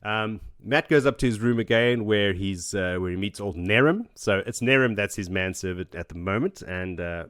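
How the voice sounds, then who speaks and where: Low-voiced man recapping a book. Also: normal speed, hardly any pauses, fairly bright tone. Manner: rambling, laughing, acts out characters' lines. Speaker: podcast host. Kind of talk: casual book recap chat.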